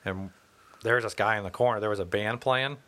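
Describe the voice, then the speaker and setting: A man's voice: on the low side, fast talker, a bit bright. A man in his thirties telling stories in casual chat, swearing freely and laughing as he goes. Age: 30s. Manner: profane, laughing storyteller.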